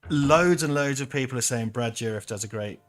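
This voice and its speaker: A British man co-hosting a game stream, chatting casually in a sweary, rambling, animated way. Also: mid-range voice, a little fast, soft background music. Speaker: streamer co-host. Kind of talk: casual chat.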